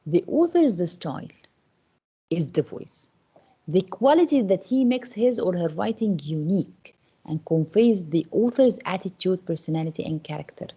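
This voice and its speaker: A woman's voice: fairly low pitch, lively intonation, moderate pace, warm tone, husky, highs cut off. A woman English teacher teaches an online class, repeating questions to her students with many fillers and restarts.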